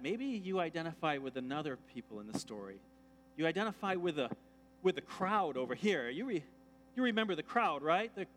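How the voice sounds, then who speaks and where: Chatty pastor man, slightly high voice. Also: a bit bright, slight background noise. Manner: conversational, jokey, acts out quoted voices. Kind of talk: sermon. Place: church sanctuary.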